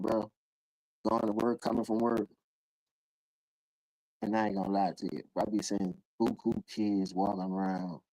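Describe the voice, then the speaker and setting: Profane, animated man ranting on a stream. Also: dry recording, rough recording. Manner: animated, profane, acts out quoted voices in sudden high bursts. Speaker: livestream host. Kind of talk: casual ranting commentary.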